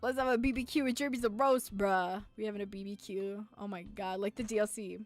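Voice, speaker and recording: A woman's voice: medium pitch, fairly even intonation, a little fast. A woman streamer reading a visual novel aloud, playful and giggly, talking back to the characters. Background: faint game music.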